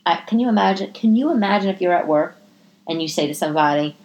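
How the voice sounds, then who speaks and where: Chatty, profane woman podcast host. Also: fast talker. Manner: chatty and profane, swings into animated high-pitched asides. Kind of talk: casual solo podcast monologue. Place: living room.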